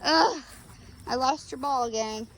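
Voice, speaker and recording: A woman's voice: sits high, unhurried, fairly bright tone, low-quality recording. A woman dog sitting in a backyard, talking playfully to the dog in coaxing baby-talk, filmed on a phone. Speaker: dog sitter vlogger. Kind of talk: casual vlog talking to a dog. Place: backyard outdoors. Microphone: handheld phone. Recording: outdoor phone audio with background noise.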